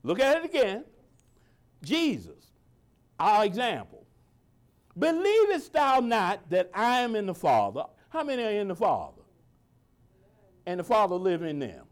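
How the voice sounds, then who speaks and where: A man preaching in a high voice that swings widely in pitch. He quotes old scripture and talks informally with the congregation, slowing right down on the lines he wants them to repeat. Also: huge pitch swings. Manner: preaching with a call-and-response cadence, slowing to stress lines; informal speech, asking the congregation for agreement. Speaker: pastor. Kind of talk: sermon.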